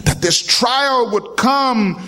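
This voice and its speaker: A man voicing Jesus as a calm man gently reminding a follower, in an earnest, measured way within a sermon. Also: very high voice, voice pushed up, full character voice. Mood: gently reproachful.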